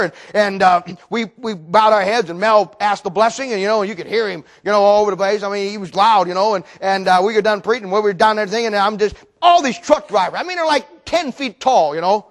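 High-voiced animated male preacher. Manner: animated, acts out quoted voices, repeats words. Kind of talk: sermon.

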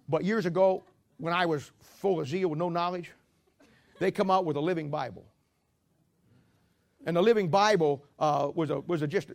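A man's voice: on the high side, vocal fry. A man pastor preaching a sermon as a rambling, joking storyteller who walks about while he preaches.

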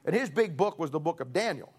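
A middle-aged man preaching a sermon, telling stories in a folksy way and building to forceful emphasis. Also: on the high side, lively intonation, fast talker, husky. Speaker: pastor. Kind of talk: storytelling sermon.

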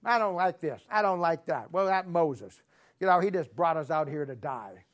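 A man's voice: on the high side, lively intonation, moderate pace, natural voice. A man voicing a grumbling churchgoer who complains about everything, in a whiny, griping manner.

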